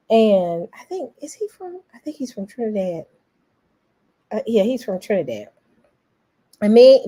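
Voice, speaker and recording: A woman's voice: on the high side, dark tone, breathy edge. An American woman giving an earnest opinion monologue, repeating her points for emphasis in casual, folksy slang. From United States. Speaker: vlogger.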